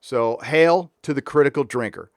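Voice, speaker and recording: A man hosting a live stream talks casually in a middle-range voice, ranting and swearing between shout-outs to viewers. The sound is dry and close, with no room echo. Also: mid-range voice, normal speed. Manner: ranting and profane, reading viewer messages aloud. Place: warm indoor room.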